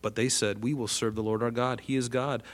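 A man preaching a sermon, animated, acting out the quoted voices with big swings from soft to loud. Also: medium pitch, a little fast. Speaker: pastor.

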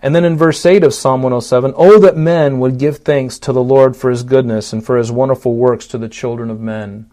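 A man preaching a sermon. He reads scripture with rising force, then drops low and soft for direct appeals, and often repeats words as he goes. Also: fairly even intonation, brisk, few pauses. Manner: rises and swells when reading scripture aloud, drops low and soft for appeals; repeats words and restarts phrases. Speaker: pastor.

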